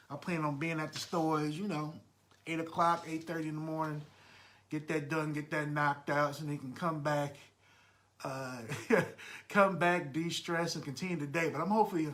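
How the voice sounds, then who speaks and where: A man's voice: fairly high pitch, steady tone, moderate pace, a bit bright. A man hosting a live podcast, chatting casually and greeting his listeners by name. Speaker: podcast host.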